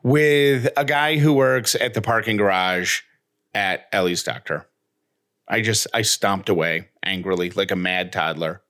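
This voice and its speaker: A man's voice: fairly low pitch, unhurried, fairly bright tone. A man in his thirties co-hosting a podcast, telling a story in casual chat and acting out both sides of an exchange. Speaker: podcast co-host.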